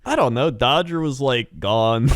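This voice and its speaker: A man's voice: mid-range voice, lively intonation, a little slow, dry recording, studio quality. A young man co-hosting a podcast in casual chat, telling rambling stories with frequent laughs and acted-out quotes. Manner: rambling storyteller, laughs often, acts out quotes. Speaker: podcast co-host.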